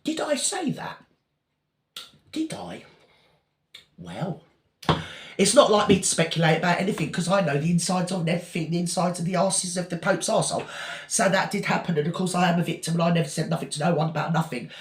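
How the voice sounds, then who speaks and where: A rambling, self-pitying gossip, put on by a man, a scammer who always plays the victim. The voice sits a little high and tumbles out fast in breathless, circular storytelling. It is recorded in an echoey room. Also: steady tone, slight background noise, lightly acted. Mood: whiny rambling. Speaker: parody performer. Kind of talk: satirical character monologue.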